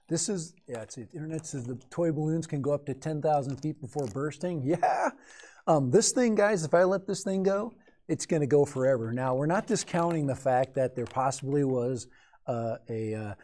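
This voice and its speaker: A man in his fifties hosts a loose live stream, talking straight to viewers in chat. His voice is mellow and dark at an ordinary pitch, and he rambles and jokes his way through drone talk. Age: 50s. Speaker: livestream host and hobby drone pilot.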